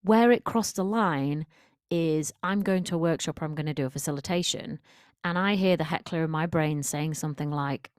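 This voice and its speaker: A woman with a low voice coaching listeners on a solo podcast. She talks in a direct, emphatic, conversational way. The sound is close and dry, with no room echo. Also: moderate pace, smooth. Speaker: confidence coach.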